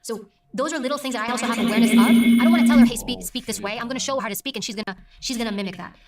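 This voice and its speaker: A middle-aged woman speaks in a quick, emphatic way, pausing on purpose between points. Her voice sits fairly high. The sound is roomy and a little distant from the mic. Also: crowd noise. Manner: deliberate, emphatic, with pauses. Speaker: news presenter and interview guest. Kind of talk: conversational interview.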